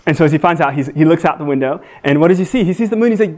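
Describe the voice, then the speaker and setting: Guy preaching a sermon, kinda high voice, earnest, goes loud then soft, lots of ums. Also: lively intonation, rapid-fire, few pauses. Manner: earnest, rises high and loud for emphasis, drops soft and low when reflective; frequent fillers and restarts. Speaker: guest teacher.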